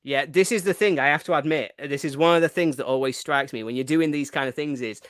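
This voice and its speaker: A man's voice: a little high, quick pace, a bit bright, no room sound. Dry-sounding man breaking down football stats. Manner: analytical, chatty, laughs easily. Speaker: co-host. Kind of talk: casual football prediction chat.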